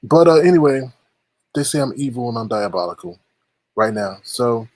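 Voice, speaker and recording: A man's voice: medium pitch, lively intonation, normal speed, a little mellow, rough recording. A man vlogging to his viewers in a plaintive, mock-tearful monologue, repeating himself as he complains. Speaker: YouTube vlogger. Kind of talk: emotional livestream monologue.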